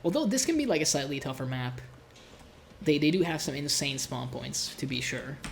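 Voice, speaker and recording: A man's voice: a little high, lively intonation, moderate pace, creaky, slight background noise. A male streamer with a nasal, congested voice, casually rambling and joking at himself while commentating a live game. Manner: casual, rambling, self-mocking. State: congested, coughing.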